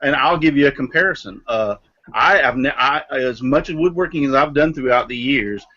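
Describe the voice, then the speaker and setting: Dude cohosting, lotta uhs, explains stuff slow, kinda muffled call sound. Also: male voice, mid-range voice, sharp tone. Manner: hesitant, many fillers, explains with comparisons. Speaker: co-host. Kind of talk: live online hangout chat.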